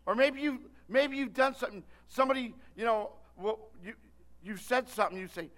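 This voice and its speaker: An older man preaching a sermon, telling a story with lively delivery and calling on listeners by name. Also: very high-pitched, fast.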